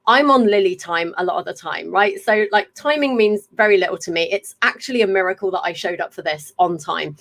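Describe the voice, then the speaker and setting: A woman's voice: lowish voice, fairly quick, gravelly, hardly any pauses, a bit bright. An English woman in her thirties hosting a podcast, talking in a chatty, effusive way with rambling stories. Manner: chatty and effusive, tumbling storyteller. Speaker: podcast host. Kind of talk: casual live chat.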